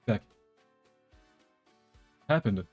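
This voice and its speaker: A man's voice: extremely slow, darkish tone. A young man streaming a game live, chatting casually to his viewers in a rambling, joking way. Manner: rambling, joking, talks to chat while playing. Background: faint background music.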